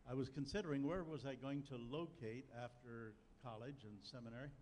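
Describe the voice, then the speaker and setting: A man's voice: mid-range voice, brisk, darkish tone, a little hiss or hum. An older man preaching a sermon, telling a personal story in a folksy way with dry humor. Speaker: pastor. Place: church sanctuary. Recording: long church hall reverb, faint ambience.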